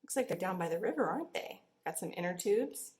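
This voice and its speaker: A woman's voice: lowish voice, animated, a little fast, darkish tone. A young woman librarian leading a children's storytime, bubbly and sing-song. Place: library room. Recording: echoey room.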